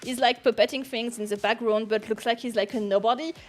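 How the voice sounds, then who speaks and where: Giggly high-voiced woman streamer. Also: steady tone, fairly quick, soft background music. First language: not English. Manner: giggly, chatty, frequent laughs and restarts. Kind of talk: casual chat.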